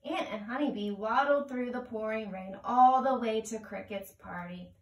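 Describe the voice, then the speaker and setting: A woman reading a picture book aloud to children in a gentle, sing-song way. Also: a little high, normal speed. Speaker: children's storyteller. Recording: roomy, heard from a distance.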